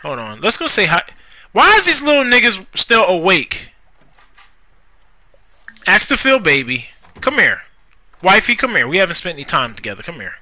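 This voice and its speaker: Young man, casual gaming commentary, high voice, lively swings, profane, fussing at game characters. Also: normal speed, pauses often, no echo. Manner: animated, profane, talks to the game characters, rhymes jokingly. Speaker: gaming YouTuber. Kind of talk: casual Let's Play commentary.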